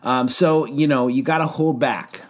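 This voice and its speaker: A youth pastor co-hosting a podcast tells a funny story in casual conversation, laughing often and acting out quoted lines. His mid-range voice is steady and his speed normal.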